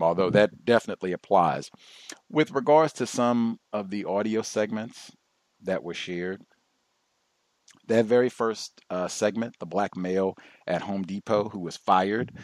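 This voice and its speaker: A man hosting a talk radio show, speaking in a deliberate, emphatic and instructive way. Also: fairly low pitch, expressive, darkish tone, no room sound.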